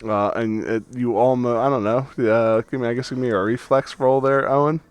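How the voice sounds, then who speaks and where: A man narrating as game master in a tabletop game, chatty and quick to correct himself. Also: mid-range voice, fairly even intonation. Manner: chatty, laughing, self-correcting.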